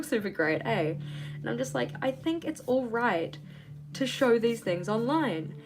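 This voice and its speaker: A woman's voice: a little high, very animated, normal speed. Woman, livestream host, casual chatty talk, candid, ranty, guitar music behind. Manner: chatty, candid, rants and laughs readily. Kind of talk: casual live chat while journaling.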